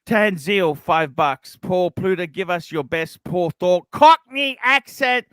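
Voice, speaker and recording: A man's voice: high voice, animated, slow pace, a bit bright, clean tone, dry recording. Rambling man hosting a livestream. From Australia. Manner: rambling, many restarts. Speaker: livestream host. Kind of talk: casual livestream chat, reading donations.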